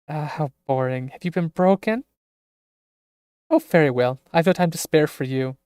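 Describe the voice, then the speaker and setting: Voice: mid-range voice, darkish tone, smooth, dry recording, clean studio sound, close to an everyday voice. A streamer voicing a gleeful, sadistic captor who taunts and giggles while reading game dialogue aloud.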